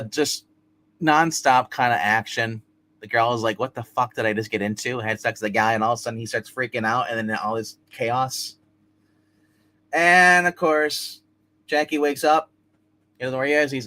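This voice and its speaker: Bright-voiced man rambling through a review. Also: medium pitch, moderate pace. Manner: rambling, with frequent restarts and fillers. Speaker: host of a comic review show. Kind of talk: casual live-stream comic book review.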